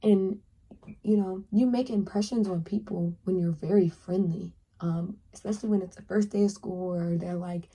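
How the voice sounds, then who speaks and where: A young woman in her twenties talks through a tarot reading in an easy, chatty way. Her voice is soft and breathy, with a very mellow, dark tone. She often slips into a higher voice to act out small conversations. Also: steady tone, moderate pace. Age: 20s. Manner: chatty, acts out little dialogues in a higher voice. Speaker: tarot reader. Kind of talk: casual pick-a-card advice talk.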